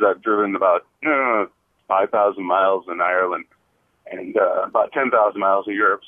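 A man's voice: fairly low pitch, no echo. A man from the United States calling in to a radio show, enthusiastic and rambling. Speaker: caller. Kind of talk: radio call-in comment. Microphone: phone line. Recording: dry phone-line audio.

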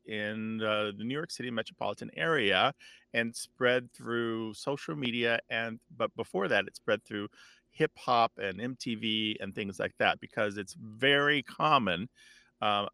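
Bright-voiced man explaining language. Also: lowish voice, no room sound. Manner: explanatory, animated, with many restarts. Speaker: language expert guest. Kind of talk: radio call-in talk.

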